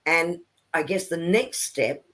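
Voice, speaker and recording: A woman's voice: fairly low pitch, slow, a bit bright. Earnest woman co-hosting a spiritual stream. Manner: earnest and encouraging, reads viewer comments aloud. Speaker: co-host of a live spiritual chat stream. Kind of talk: casual live-stream talk.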